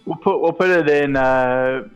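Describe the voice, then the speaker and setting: A man playing a tabletop game, calmly explaining his moves while stumbling over words. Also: medium pitch, a little slow, clear, resonant tone, soft background music. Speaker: player. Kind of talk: casual tabletop game chat.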